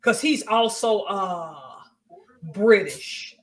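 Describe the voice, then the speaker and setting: A woman's voice: medium pitch, extremely slow, a little hiss or hum. A woman chatting casually on a live video call, easygoing and opinionated. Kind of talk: casual chat.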